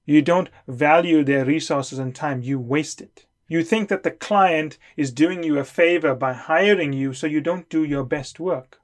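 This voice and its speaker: A man's voice: on the high side, a little slow, few pauses. A middle-aged man giving an emphatic, lecturing talk as a consulting coach. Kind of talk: lecture to camera.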